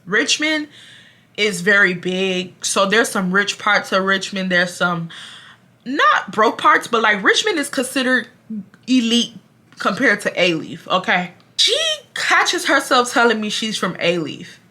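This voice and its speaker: A woman's voice: medium pitch, a little slow. A woman, telling a dramatic, profane storytime directly to her viewers. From Houston, Texas. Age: 20s. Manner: animated, dramatic, profane, talks straight to viewers. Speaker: storytime vlogger. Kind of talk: casual storytelling.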